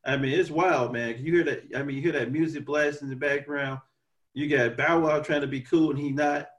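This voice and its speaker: Casting: man, slightly higher voice, lively podcast co-host, laughs a lot. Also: fairly quick, distant mic. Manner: animated, laughs often, quotes characters in put-on voices. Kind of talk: casual movie chat.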